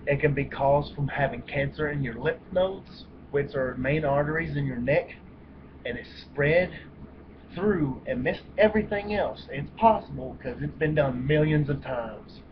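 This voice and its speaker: A man's voice: on the high side, unhurried. Blunt ranting man, lo-fi hissy recording. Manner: blunt and profane, emphatic outbursts; rambling, self-interrupting. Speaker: vlogger. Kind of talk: casual vlog rant. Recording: dull lo-fi home recording with steady hiss.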